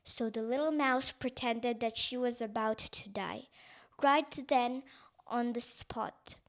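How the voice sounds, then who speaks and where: A woman narrating a bedtime story in a soft, soothing way. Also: on the high side. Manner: soft, slow, soothing reading.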